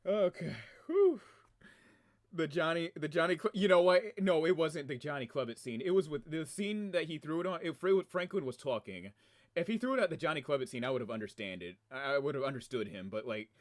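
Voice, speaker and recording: A man chatting casually on his game livestream from a room at home, excitable and rambling, often breaking into laughter. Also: fairly high pitch, quick pace. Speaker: game streamer.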